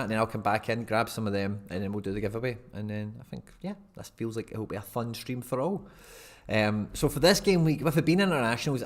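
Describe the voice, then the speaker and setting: A man, chatting casually and rambling through a live stream, often laughing at himself. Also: fairly low pitch. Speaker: fantasy football streamer.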